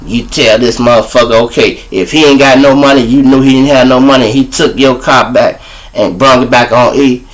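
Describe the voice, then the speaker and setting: A man's voice: medium pitch, fairly even intonation, normal speed. A man hosting a live show, telling crude, preachy comic stories. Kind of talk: profane comic storytelling.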